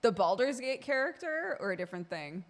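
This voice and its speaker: A woman's voice: fairly high pitch, sing-song, a little fast. Giggly chatty woman streamer. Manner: giggly, chatty, laughs often. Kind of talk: casual live-stream chat.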